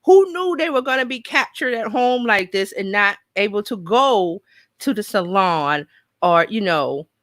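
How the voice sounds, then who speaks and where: A woman's voice: medium pitch, animated, measured pace, fairly bright tone, no echo. A woman from New York hosting a casual live show, chatting and reading out viewer comments. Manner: chatty, thinks aloud, reads viewer comments. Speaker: host.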